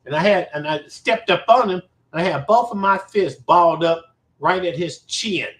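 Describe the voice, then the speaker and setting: A man casually telling a personal story to his viewers, animated and profane, with emphatic repetition. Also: sits high, moderate pace. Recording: roomy echo.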